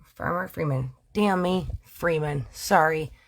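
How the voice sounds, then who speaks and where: A woman's voice: deep voice, takes it slowly, creaky. A woman from Canada hosting casual true-crime storytelling, slangy and playful, often correcting herself. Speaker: storyteller host.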